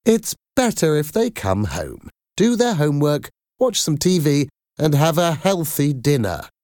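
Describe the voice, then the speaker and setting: A man reading a storybook voices a firm working mother who talks in a steady, apologetic way. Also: low voice, measured pace, no room sound, clean studio sound, pitched above the performer's own voice.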